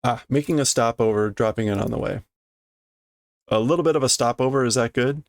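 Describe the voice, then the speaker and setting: A man reading a manga aloud and translating it line by line, hesitant and self-correcting as he thinks out loud. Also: mid-range voice, a little fast, no echo. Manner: hesitant, self-correcting, muttering through guesses.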